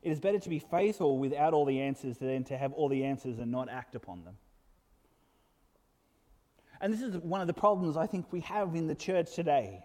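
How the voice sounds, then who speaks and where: Preacher, man, earnest sermon delivery, warm mellow tone, soft asides and emphatic peaks, church-hall reverb. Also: fairly high pitch, animated, a little fast.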